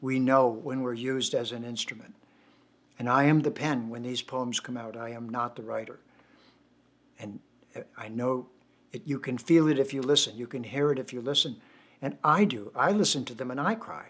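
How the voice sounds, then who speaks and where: A man's voice: mid-range voice, normal speed, a bit bright. An older man, a poet, giving reflective, devotional closing remarks at a poetry night.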